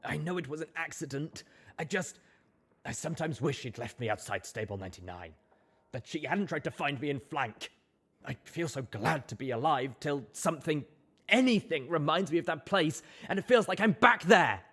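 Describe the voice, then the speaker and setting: A man's voice: fairly high pitch, animated, normal speed, a bit bright, husky, pitched above the performer's own voice, heavily acted. Man voicing a trembling young stallion, cracking. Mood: sobbing. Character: young male pony, traumized, tearful, defensive. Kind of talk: audiobook character reading.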